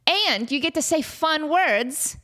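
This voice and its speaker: A woman's voice: high voice, lively intonation, slow pace, pushed and bright. A woman in her thirties hosting a podcast, chatting casually and joking her way through fan questions with lots of fillers and asides. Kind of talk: casual chat. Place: home near Las Vegas.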